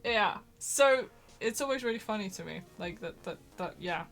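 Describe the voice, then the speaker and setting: A woman streamer chatting over a game, giggly and quick to laugh. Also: medium pitch, animated, fairly bright tone. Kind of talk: casual let's-play chat. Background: faint game music.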